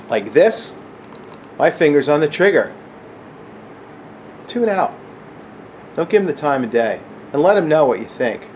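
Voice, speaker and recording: A man's voice: mid-range voice, a little hiss or hum. Agitated, profane middle-aged man. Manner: agitated, profane, keeps asking "okay?". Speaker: gun channel vlogger. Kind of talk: angry rant to camera.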